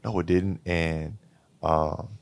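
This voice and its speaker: A young man in his twenties, a college basketball player, casually telling an animated story as a guest, laughing and acting out what people said. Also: sits low, takes it slowly, gravelly, no room sound. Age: 20s.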